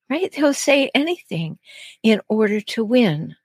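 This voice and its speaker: A woman's voice: mid-range voice, very animated, takes it slowly, darkish tone, no room sound. A woman hosting an advice podcast as a relationship coach, talking earnestly and stressing key phrases. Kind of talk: solo advice podcast talk.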